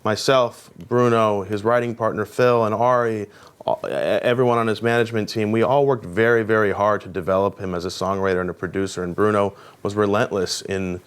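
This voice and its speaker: Casting note: interview guest, man, low and smooth voice, earnest and thoughtful. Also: fairly even intonation, brisk. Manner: earnest and reflective, with restarts. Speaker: guest record executive. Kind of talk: interview answers.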